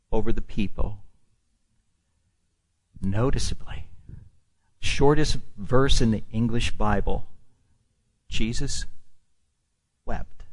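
A middle-aged man preaching a sermon, swinging from hushed near-whispers to loud, emphatic peaks. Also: fairly low pitch.

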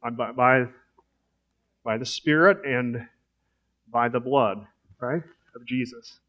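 A man's voice: mid-range voice, slow, dull audio. A man preaching a sermon in a conversational way, asking rhetorical questions.

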